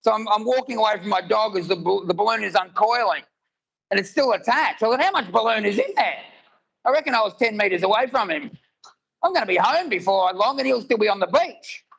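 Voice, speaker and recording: A man's voice: high voice, lively intonation, a little fast, gravelly, a bit bright, husky, highs cut off. A man, telling stories in a live stand-up routine and acting out both sides of the dialogue. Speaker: stand-up comedian. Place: live comedy venue with audience.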